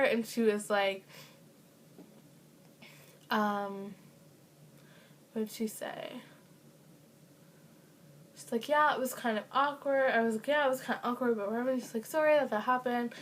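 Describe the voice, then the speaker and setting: A woman's voice: a little high, a bit bright. Chatty young woman telling a storytime vlog. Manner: chatty, frequent "like" fillers; sarcastic asides. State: occasional cough. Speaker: vlogger.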